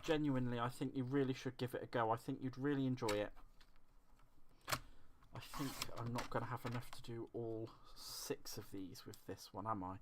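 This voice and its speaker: A man's voice: medium pitch, noisy background. A man hosting a crafting live stream, chatting casually and rambling, answering viewers' comments and poking fun at himself. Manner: chatty, rambling, self-deprecating, reads and answers chat. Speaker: crafting livestream host.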